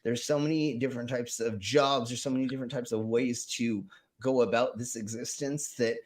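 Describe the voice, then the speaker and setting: A male stream host talks loosely and rambles, swearing freely and restarting his sentences. His voice sits at an ordinary middle pitch, and the mood is an offhand group call. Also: fairly even intonation, a little fast. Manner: rambling, profane, many restarts. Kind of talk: casual chat.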